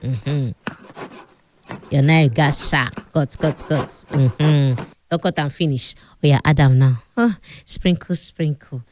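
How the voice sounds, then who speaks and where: A woman's voice: deep voice, slow, darkish tone, a little hiss or hum. A woman with a Nigerian accent hosting a radio cooking talk, chatty and instructive, laughing often as she talks. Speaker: radio host.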